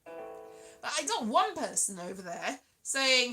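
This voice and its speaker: A woman's voice: fairly high pitch, very animated, slow pace. A woman from Wales chatting casually with her livestream viewers, rambling and playful, breaking into sing-song now and then. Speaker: streamer. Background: loud piano music.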